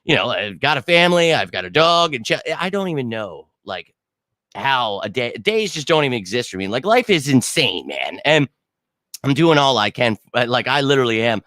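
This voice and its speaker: A man's voice: mid-range voice, very animated, normal speed, bright, forceful tone, no echo. A young man hosting a casual livestream chat, rambling and blunt, swearing casually. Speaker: sports channel host.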